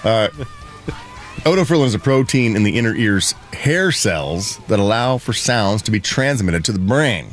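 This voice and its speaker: A man's voice: lowish voice, normal speed, soft background music. A man co-hosting a morning radio show, chatting casually and joking around. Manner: animated, jokey, slips into mock voices.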